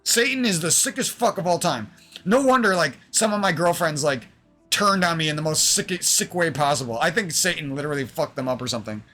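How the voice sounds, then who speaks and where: A man's voice: on the high side, animated, fairly quick, bright, forceful tone, soft background music. A young man streaming, venting in a rambling, aggrieved monologue full of swearing.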